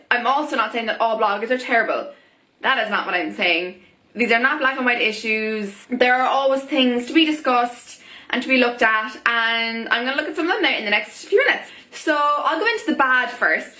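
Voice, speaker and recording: A chatty young woman vlogging her opinions straight to camera, animated and quick to say "oh my god". Her voice sits a little high and sounds bright and forward. The room around her rings with a noticeable echo. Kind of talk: casual opinion vlog to camera.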